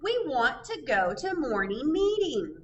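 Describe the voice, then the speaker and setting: A woman's voice: high-pitched, big pitch swings, a little slow, lo-fi sound. A woman reading aloud and voicing a group of grown-ups in a picture book who whine and plead. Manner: whiny, pleading. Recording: distant mic, faint background noise.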